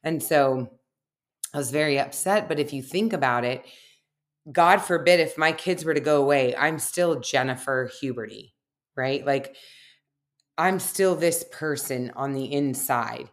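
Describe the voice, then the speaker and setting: A middle-aged woman, a research scientist appearing as a podcast guest, reflects on personal stories in a casual conversation, using many fillers. Her voice is very deep and unhurried.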